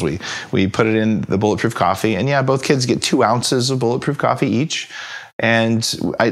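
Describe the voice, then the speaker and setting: A man in his forties, a podcast guest telling stories in a casual interview and acting out the voices of the people in them. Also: mid-range voice. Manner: animated storyteller acting out quoted voices. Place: podcast studio.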